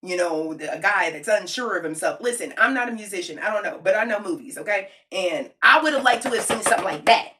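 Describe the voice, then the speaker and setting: Talking straight to her audience, a video creator who is a mother gives an emphatic, slangy film review, hammering her points through repetition. She speaks quickly with few pauses, in an expressive, medium-pitched voice that sounds pushed and bright.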